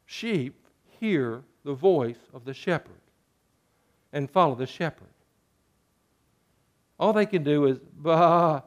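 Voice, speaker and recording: Animated preaching man, fairly high voice. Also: takes it slowly, pauses often. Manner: preaching, animated with rising jokes and sheep bleats. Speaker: pastor. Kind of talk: sermon.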